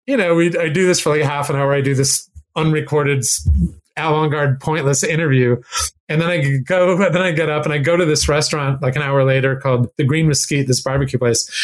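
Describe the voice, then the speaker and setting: A man telling a long music anecdote in casual chat, acting out quotes with lively restarts. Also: fairly high pitch. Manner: animated, acts out quotes with rambling restarts. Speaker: guest music expert. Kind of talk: casual storytelling.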